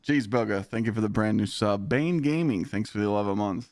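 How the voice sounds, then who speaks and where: A man's voice: lowish voice, brisk, darkish tone, no echo, studio quality. A man live-streaming games, chatting casually with his viewers, ranting with lots of swearing and frequent laughter. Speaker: gaming streamer.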